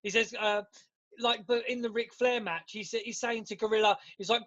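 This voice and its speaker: A man's voice: high voice, steady tone, a little fast, fairly bright tone, highs cut off. A man co-hosting a podcast in casual chat, laughing often and swearing freely as he retells scenes with energy. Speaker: podcast co-host.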